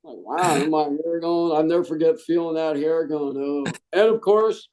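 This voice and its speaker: A middle-aged man, a Marine veteran, telling stories in a casual interview, animated and jokey and saying "man" a lot. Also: on the high side, normal speed, a little hiss or hum, rough recording.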